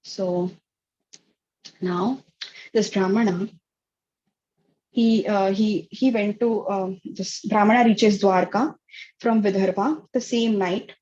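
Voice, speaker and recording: A woman telling a story to an online kids class, halting and full of fillers. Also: medium pitch, steady tone, dark tone, dull audio, slight background noise. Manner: halting, many fillers and restarts. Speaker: teacher.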